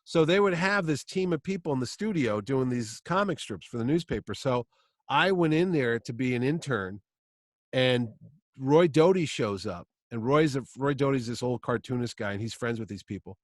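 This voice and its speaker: Animated man telling stories. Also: medium pitch, normal speed, no room sound, clean studio sound. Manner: animated storyteller, acts out quoted voices. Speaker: comic con host. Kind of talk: casual podcast chat.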